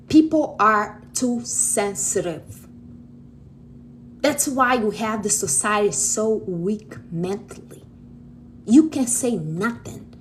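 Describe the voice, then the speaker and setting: A woman's voice: mid-range voice, slight background noise. Blunt Brazilian woman giving advice. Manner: blunt, outspoken, calls listeners honey. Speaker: livestream host. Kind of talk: casual direct advice to viewers.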